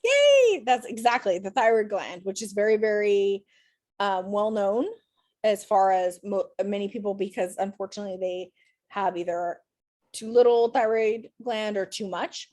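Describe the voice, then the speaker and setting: A woman's voice: medium pitch, fairly even intonation, normal speed, darkish tone. A woman teaching an online class over a video call, chatty and encouraging, her voice tired after a day of teaching. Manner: chatty, encouraging, upbeat with students.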